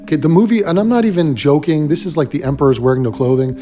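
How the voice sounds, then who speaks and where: A man's voice: a little high, fast talker, over music. Blunt, profane male commentary host. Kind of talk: ranting film commentary.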